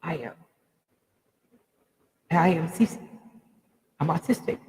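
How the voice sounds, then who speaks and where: A woman's voice: sits low, animated, a little slow, darkish tone, in a large hall, low-quality recording. A woman giving a raw, emotional personal monologue to viewers, speaking bluntly and swearing freely.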